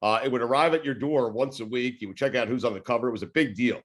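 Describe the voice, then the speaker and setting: A man in his forties with a New York accent, telling stories in a casual interview, rambling and relaxed, swearing and laughing as he goes. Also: mid-range voice, fast. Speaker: sports radio host, podcast guest.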